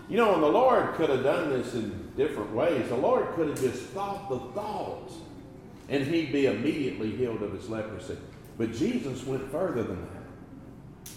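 A man preaches at a deliberate, unhurried pace, his voice swelling and dropping for emphasis. The sound is very roomy, with a long reverb tail as if he is in a large hall. A faint hum of background ambience sits underneath. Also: on the high side. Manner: slow, deliberate preaching with swells and drops in loudness. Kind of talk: sermon.

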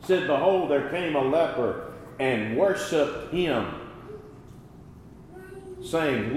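A man preaching a sermon, slow and deliberate, rising and falling in force. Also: fairly high pitch, expressive, very echoey, in a large hall, a little hiss or hum, low-quality recording. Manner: slow, deliberate preaching with swells and drops in loudness.

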